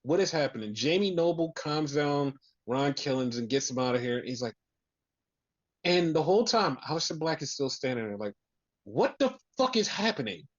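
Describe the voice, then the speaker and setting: A man rattles through a wrestling recap in loose, profane podcast chat, jumping into quick impressions of what the wrestlers said. His voice sits a little high. The sound is dry and slightly muffled, with no room echo. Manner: animated, profane, acts out wrestlers' lines. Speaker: podcast co-host.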